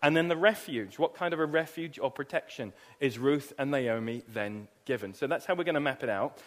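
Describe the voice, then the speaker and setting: Preacher in a reverberant hall. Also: male voice, medium pitch, brisk. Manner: lively storytelling, emphatic repetition. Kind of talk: sermon. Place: church hall.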